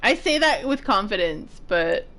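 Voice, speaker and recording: Lively, giggly woman streamer. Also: medium pitch, measured pace, faint music behind. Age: 30s. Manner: chatty and giggly, swears playfully. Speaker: game streamer. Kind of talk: casual gameplay commentary.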